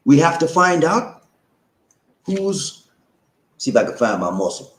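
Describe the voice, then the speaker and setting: A man talks straight to his viewers in a loose, colloquial way, coaching them on relationships. His voice sits a little high for a man. The sound is echoey, as if from a bare room. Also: big pitch swings, a little slow, pauses often. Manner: chatty, sings snippets and hypes up viewers, laughs often. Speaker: relationship advice channel host. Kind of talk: casual talk to camera.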